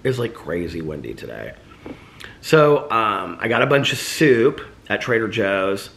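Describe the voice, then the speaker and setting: A man talks through his day in a loose, rambling vlog, full of fillers and restarts. His voice sits on the low side but sounds bright and forward. A slight lisp shows up now and then because his mouth is sore. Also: very animated, measured pace, creaky, slight background noise. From United States. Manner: rambling, chatty, filler-heavy. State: sore mouth after tooth removal. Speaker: vlogger. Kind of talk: casual daily vlog chat.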